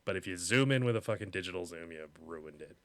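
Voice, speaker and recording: Halting, resonant-voiced male podcast host. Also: sits low, lively intonation, no room sound. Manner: rambling, halting, swears casually. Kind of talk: casual podcast chat.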